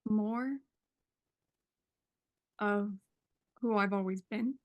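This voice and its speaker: A woman guest on a video call sharing a heartfelt testimony, emotional and earnest, pausing as she searches for words. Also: mid-range voice, dull audio.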